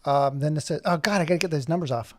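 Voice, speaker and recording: This male streamer's voice is fairly high and quick, with a bit of hiss or hum in the audio. He chats casually while he animates on stream, rambling and muttering to himself.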